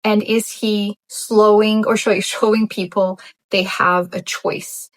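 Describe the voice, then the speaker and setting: A woman's voice: medium pitch, monotone, measured pace, dry recording, rough recording. Thoughtful woman musing over scripture. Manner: thoughtful, musing, frequent fillers and restarts. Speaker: vlogger reading the Bible. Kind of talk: casual reflective commentary.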